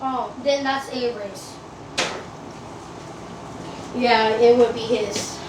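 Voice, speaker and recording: A woman's voice: a little high, fairly even intonation, slow pace, reverberant, background noise. A woman streaming casually from her home, blunt, profane and ranting as she talks back to viewers. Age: adult. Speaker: TikTok live streamer. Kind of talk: casual livestream chat.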